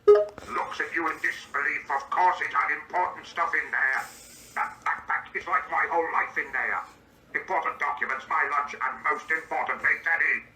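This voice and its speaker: A man's voice: a little high, normal speed, bright, forceful tone, soft background music. A synthetic male voice playing an indignant, easily baffled grown man, reading out his own stage directions before each line. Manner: synthetic, evenly paced delivery. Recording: echoey and distant, faint background hiss.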